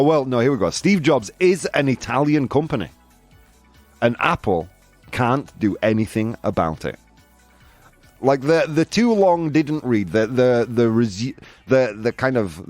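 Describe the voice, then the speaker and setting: A man's voice: fairly low pitch, no room sound. A man from the United Kingdom hosting a casual live-stream chat, reading viewer comments with a sarcastic, laughing manner. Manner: sarcastic, laughs at own jokes, chatty. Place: room with air conditioner running.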